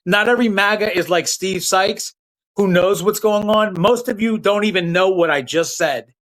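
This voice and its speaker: High-voiced guy ranting on his live stream, blunt, slangy, keeps restarting and talking right at chat. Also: moderate pace, fairly bright tone, low-quality recording. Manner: blunt, heated, talks straight to chat viewers; loose slang and frequent restarts. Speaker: political commentary livestream host. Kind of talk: casual live-stream commentary.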